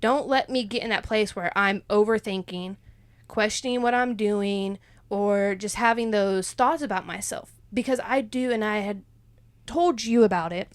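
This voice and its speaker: A woman's voice: medium pitch, normal speed, dry recording. A young woman, rambling and emotional as she opens up in a casual faith chat, laughing often. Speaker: podcast co-host.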